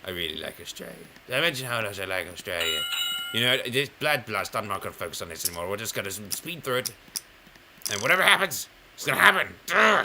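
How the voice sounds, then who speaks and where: A man's voice: mid-range voice, background noise. A man giving casual, rambling gameplay commentary, playful and self-mocking, counting numbers aloud as he plays. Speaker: gaming channel host.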